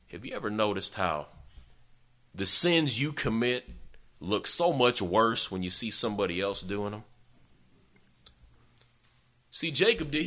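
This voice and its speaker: A male preacher telling a story in a sermon, folksy and animated, often speaking straight to his listeners. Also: mid-range voice, unhurried, pauses often.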